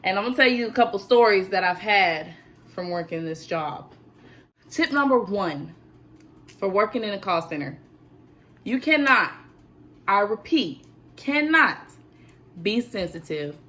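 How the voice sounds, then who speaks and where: A woman's voice: mid-range voice, normal speed. Chatty teenage girl vlogger. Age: teens. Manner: animated, chatty storytelling. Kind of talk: casual chat.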